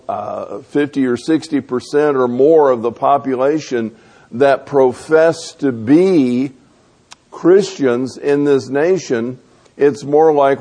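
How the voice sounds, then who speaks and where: A man preaching a sermon, deliberate and full of rhetorical questions, pausing often on fillers. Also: medium pitch, darkish tone.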